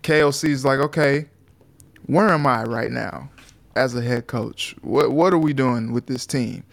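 A man co-hosting a sports talk show with a mid-range voice. He talks in a relaxed, chatty way with many filler phrases, and the sound is close and dry. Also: mid-range voice, a little slow, gravelly, no echo. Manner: relaxed and conversational, frequent "you know" fillers.

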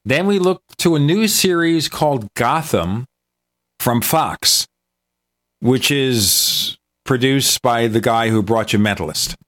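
A man's voice: mid-range voice, lively intonation, slow pace, fairly bright tone. Chatty male talk-show host. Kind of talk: casual talk-show chat.

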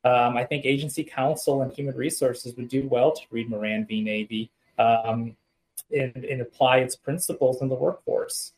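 A man's voice: mid-range voice, steady tone, normal speed, low-quality recording. A man co-hosting a podcast, explaining court cases in a casual, explanatory way with frequent ums and self-corrections. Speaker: podcast co-host discussing legal cases. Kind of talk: casual legal discussion.

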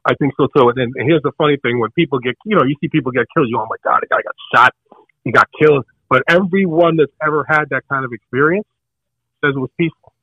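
An older man telling a story casually on a podcast, animated, and acting out the people in it. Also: mid-range voice, fast talker, husky, no room sound, phone-quality sound. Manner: animated, acts out the other people in his story.

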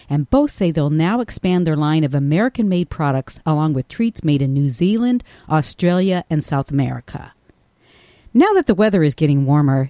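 Female news reader, low and animated, measured delivery, dry mic. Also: dry recording. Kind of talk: radio news update.

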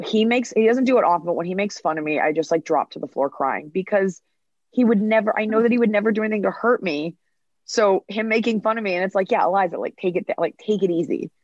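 A chatty woman comedian in her thirties tells stories fast, slipping into voices for the people she quotes. Her voice comes through a bit dull and lo-fi, with a dry, close sound. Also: medium pitch, no echo. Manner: chatty, quick storytelling with acted-out quotes. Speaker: stand-up comedian, podcast guest. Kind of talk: casual interview talk.

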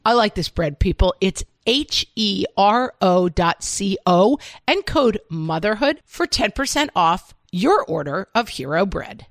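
A woman's voice: mid-range voice, lively intonation, a little slow, hardly any pauses, no echo, studio quality. A woman co-hosting a podcast and chatting enthusiastically through a sponsor read. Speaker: podcast co-host. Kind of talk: casual ad read.

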